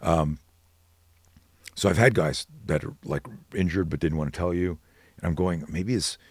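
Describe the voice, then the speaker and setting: Very deep, husky man telling stories. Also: dry recording. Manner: animated, acts out dialogue with quick voice changes. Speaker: guest, self-defense expert. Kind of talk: storytelling in a podcast interview.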